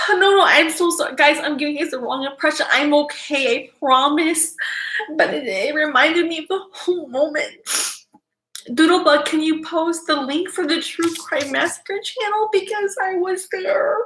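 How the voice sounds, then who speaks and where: A woman's voice: sits high, moderate pace, fairly bright tone, echoey room. A woman psychic tarot reader talking to her livestream viewers, fighting back tears and repeating herself as she halts between phrases. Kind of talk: emotional livestream talk to viewers.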